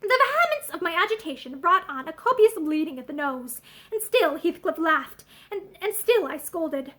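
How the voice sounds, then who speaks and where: High, lively woman reading aloud. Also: moderate pace. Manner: expressive, animated reading. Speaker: audiobook reader. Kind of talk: reading a classic novel aloud.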